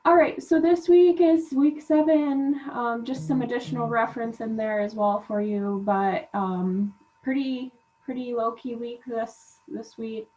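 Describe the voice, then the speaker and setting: A woman college instructor giving relaxed class reminders with lots of "um" fillers, while feeling unwell. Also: fairly high pitch, unhurried, few pauses. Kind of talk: recorded class announcements. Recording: dull lo-fi class recording.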